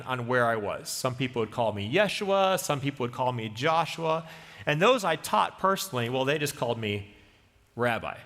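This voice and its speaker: A man preaching a sermon as a pastor, telling a story in the second person with lively, dramatic delivery. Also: mid-range voice. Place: church sanctuary. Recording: long church reverb.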